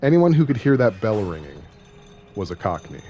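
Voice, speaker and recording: A young man with a fairly low voice chats through a game stream, rambling from thought to thought. He jokes easily and keeps poking fun at himself. The talk is loose and casual. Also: big pitch swings, normal speed, mellow, breathy edge, muffled recording. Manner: joking, rambling, self-deprecating. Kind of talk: casual live-stream commentary.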